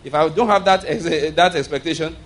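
A man preaching a sermon, pausing to check that listeners follow and slowing down to stress key points. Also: fairly high pitch. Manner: emphatic teaching, frequent "you understand?" and "all right?" checks; slows and gets louder for emphasis.

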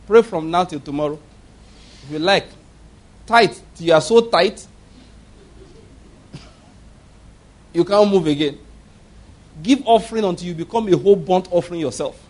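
A high-pitched male preacher from Nigeria delivering a sermon. He drops into low, quiet storytelling, then climbs into loud exhortation. He keeps putting rhetorical questions to the congregation. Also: animated, normal speed, long pauses. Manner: swings between low murmurs and loud exhortation.

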